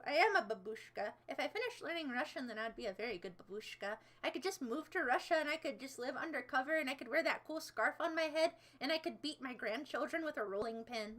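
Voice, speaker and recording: Bright, high-voiced woman streamer rambling. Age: young adult. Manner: rambling, playful, dramatic outbursts. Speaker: livestreamer. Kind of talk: casual livestream chat.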